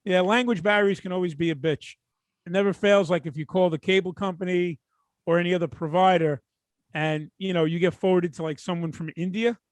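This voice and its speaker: Male co-host, teasing and relaxed, high-pitched, dry close mic. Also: brisk, no echo. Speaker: podcast co-host. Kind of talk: casual chat.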